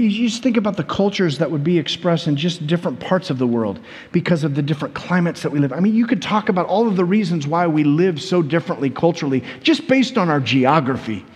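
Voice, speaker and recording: A man with an American accent preaching a sermon as a pastor, telling stories in a conversational, animated way with many repetitions. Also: fairly high pitch, long reverb tail. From United States.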